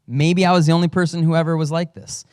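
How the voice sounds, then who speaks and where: A man's voice: a little high, flat delivery, quick pace, darkish tone, clean tone, no echo, studio quality. A man who is a father, a pastor giving a conversational sermon with storytelling and self-deprecating humor. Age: adult father.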